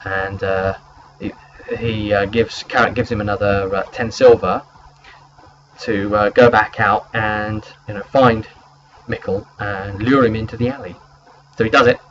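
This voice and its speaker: Guy gm going over the last game session, kinda rambly with lots of uhs, low voice. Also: steady tone, unhurried, fairly bright tone, dull audio, slight background noise. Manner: rambling, hesitant, many fillers. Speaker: game master. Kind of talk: recapping a tabletop game session.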